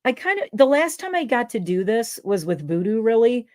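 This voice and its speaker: A woman who trains dogs hosts a casual livestream chat, rambling with plenty of fillers. Her voice is on the high side with big pitch swings, normal speed, a little mellow, and a little hiss or hum.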